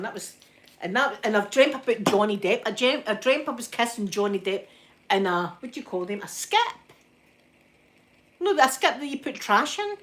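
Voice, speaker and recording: A Scottish woman chatting in a soft ASMR style, telling stories with plenty of giggles. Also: medium pitch. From Scotland. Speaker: vlogger. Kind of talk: ASMR chat.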